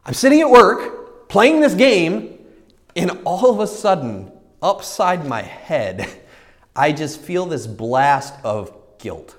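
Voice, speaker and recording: A man's voice: on the high side, slow pace, big-room sound. A man preaching a sermon as a pastor, telling stories with energy and acting out the voices in his own head. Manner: animated storytelling, acts out his own inner voices.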